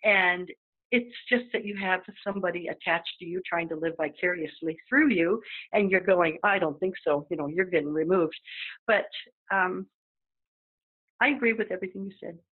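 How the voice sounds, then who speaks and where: Husky-voiced woman on a tinny line. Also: fairly low pitch, normal speed. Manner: chatty, acts out quoted voices, frequent fillers. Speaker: psychic medium guest. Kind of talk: casual panel chat.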